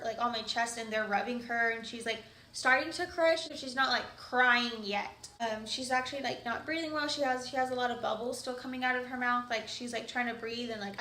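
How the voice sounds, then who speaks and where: A woman's voice: on the high side, pushed and bright, slight background noise. A young woman vlogger casually telling a personal story, chatty and full of "like" fillers. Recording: echoey room.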